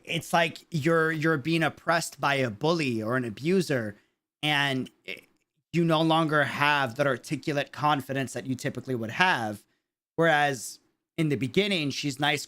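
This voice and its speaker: A man with a New York accent chatting on a livestream in a mid-pitched voice. He rambles, restarts his sentences and gropes for the right words, with loose enunciation. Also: a bit bright. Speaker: streamer. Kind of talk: casual commentary on a livestream.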